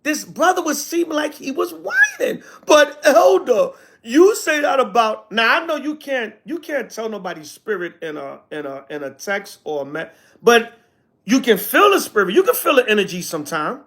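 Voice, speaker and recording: Animated, high-pitched man teaching on livestream. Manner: animated, conversational, slangy, sarcastic asides. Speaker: elder teaching a livestream audience. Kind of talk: casual livestream teaching, reading chat comments.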